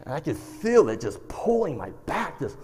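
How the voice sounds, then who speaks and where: A man's voice: on the high side, normal speed. A man telling a funny personal story to a live audience, acting out voices and sounds. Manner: animated, acts out voices and sound effects. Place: stage of a performing arts center. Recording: long reverb of a performing arts hall.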